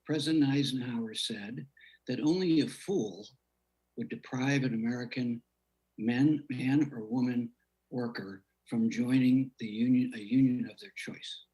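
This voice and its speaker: A man serving as a congressman, questioning a witness at a hearing in a measured way, his phrases trailing off quietly. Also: mid-range voice, low-quality recording.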